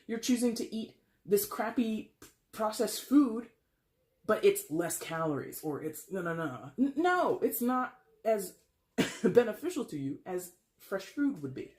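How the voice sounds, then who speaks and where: A tarot card reader giving a casual, blunt reading, emphatic and laughing often, with casual swearing. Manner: animated, leaps in pitch for emphasis.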